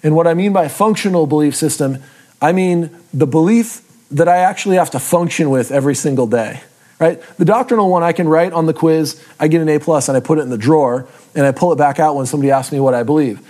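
A man's voice: a little high, quick pace, dark tone. A man giving a casual, self-deprecating Bible lesson, often checking in with his listeners. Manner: casual, checks in with frequent tag questions. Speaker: Bible teacher. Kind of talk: conversational teaching talk.

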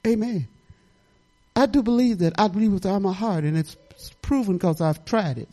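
A woman's voice: mid-range voice, normal speed, warm tone, rough recording. An older woman pastor talks her sermon more than she preaches it. Her delivery is folksy and conversational, wandering into personal stories and asides. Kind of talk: informal testimony sermon.

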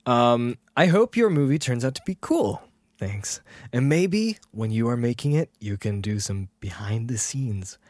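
A man's voice: mid-range voice, expressive, a little slow, hardly any pauses, dry recording. Fields: Sex: man. Role: podcast co-host. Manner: rambling, self-deprecating, often trails off quietly. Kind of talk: casual podcast chat.

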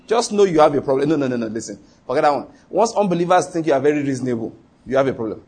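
A man's voice: fairly high pitch, big pitch swings, racing, a little mellow, breathy edge. A man preaching a sermon as pastor, emphatic and repetitive, often quizzing the congregation with rhetorical questions.

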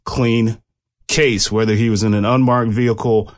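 Man, low voice, casual explainer, commentary on a police case. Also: flat delivery, normal speed. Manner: conversational, explanatory, with restarts. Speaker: commentator and former police officer.

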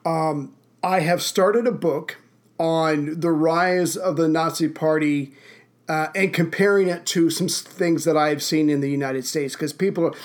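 A man's voice: a little high, steady tone, measured pace. A man hosting a podcast, telling stories in a casual, self-deprecating way. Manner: self-deprecating, chatty storyteller. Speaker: podcast host.

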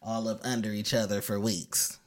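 A woman's voice: a bass voice, flat delivery. A woman co-hosting a podcast, chatting casually with her partner and teasing her playfully. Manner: teasing, playful, quick to deny. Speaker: podcast co-host. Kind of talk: casual chat between partners.

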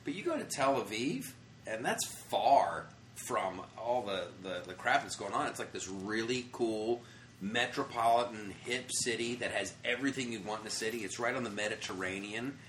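An American man, a comedian, telling travel stories in a casual interview, animated and profane, acting out the people he quotes. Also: fairly low pitch, normal speed, reverberant, slight background noise. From United States. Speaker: comedian guest. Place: comedy club after a show.

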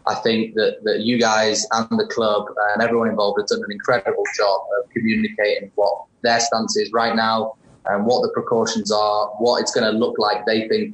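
Young English man, podcast guest, earnest and measured, low flat delivery, roomy sound. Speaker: guest soccer player. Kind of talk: podcast interview.

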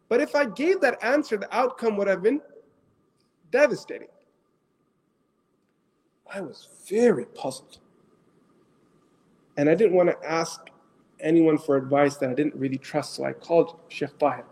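Animated male scholar telling stories. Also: high voice. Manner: animated, asks listeners questions, mixes in Urdu phrases. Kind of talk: storytelling talk to an audience.

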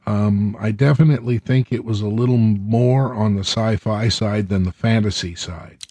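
Low-voiced man, dry and measured. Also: mellow, slightly rough, dry recording. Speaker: podcast co-host. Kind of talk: casual book discussion.

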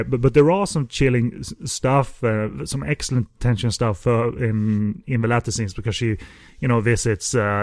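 A man's voice: fairly low pitch, dry recording, studio quality. A man co-hosting a film podcast, talking casually with many fillers and restarts. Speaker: podcast co-host. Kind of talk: casual film review chat.

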